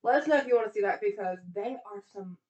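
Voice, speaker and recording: A woman's voice: mid-range voice, quick pace, lo-fi sound. Chatty young Southern woman. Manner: animated storytelling, lots of "like". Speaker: co-host. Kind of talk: casual chat.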